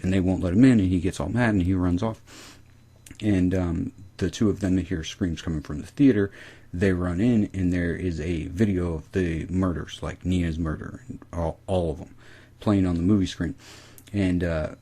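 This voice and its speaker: A man's voice: low-pitched, fairly even intonation, brisk, dark tone, husky. A man casually recapping a TV episode, rambling and swearing freely. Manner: rambling, profane.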